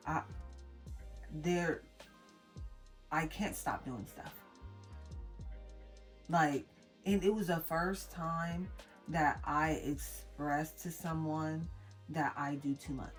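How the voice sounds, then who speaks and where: A young woman vlogging to camera, telling an emotional personal story in a halting way with many restarts. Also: low-pitched. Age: young adult. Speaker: mom vlogger.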